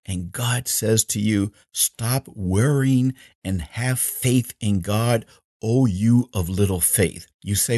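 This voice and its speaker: A man preaching with slow, deliberate emphasis, his low voice carrying a husky grain. He quotes scripture at length in a steady pastor's cadence. The sound is dry and close, with no room around it. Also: no room sound. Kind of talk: sermon.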